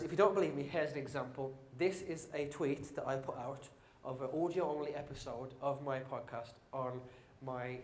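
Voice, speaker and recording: Brummie man in his thirties, upbeat conference speaker, mid pitch, roomy hall with faint ambience. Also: slight background noise. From England. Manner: upbeat, joking, addresses audience directly. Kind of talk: live marketing talk.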